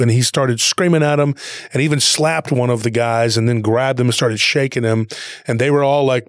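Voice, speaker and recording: A man's voice: medium pitch, fairly even intonation, fairly quick, no echo, clean studio sound. A man casually retelling a story he heard, rambling along with plenty of "he goes" and "he's like".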